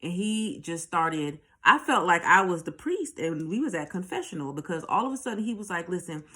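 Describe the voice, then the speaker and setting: A woman on her channel shares a personal story bluntly, cursing and repeating lines for effect. Her voice is on the low side, brisk and sharp, with a sing-song lilt.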